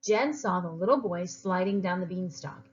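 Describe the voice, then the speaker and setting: A woman teacher reading a story aloud to children, expressive and encouraging. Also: on the low side, moderate pace, lo-fi sound, slight background noise.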